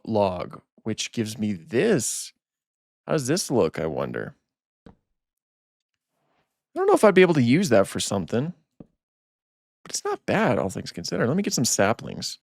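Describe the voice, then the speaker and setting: A man's voice: medium pitch, gravelly, dry recording, studio quality. A man hosting a gaming channel, chatting casually as he plays and repeating himself when startled. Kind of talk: casual let's-play commentary.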